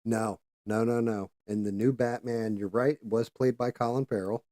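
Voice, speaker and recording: A man with a low, warm, mellow voice talks casually on a livestream, rambling from one thought to the next and swearing freely. He trails off now and then while busy with careful handwork at his desk. The sound is dry and close. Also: steady tone, a little slow, dry recording. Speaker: livestream host.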